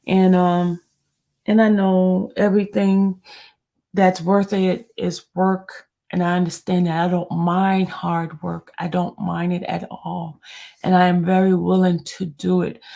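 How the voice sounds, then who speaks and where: A woman's voice: lowish voice, level tone, a little slow, creaky, mellow. A woman blogger on a live stream, talking to her viewers in a frustrated way and often repeating herself. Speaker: court news blogger.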